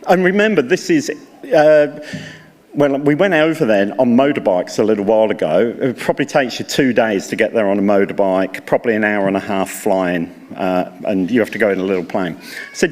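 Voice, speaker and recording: A man's voice: fairly low pitch, moderate pace. An older man giving a chatty, story-filled speech to graduates at a ceremony. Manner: chatty, anecdotal, animated when quoting others. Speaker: university leader addressing graduates. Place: large hall. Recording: reverberant hall recording.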